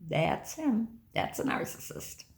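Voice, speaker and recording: An older woman talking candidly and bluntly in a rambling personal vlog. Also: slow. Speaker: vlogger.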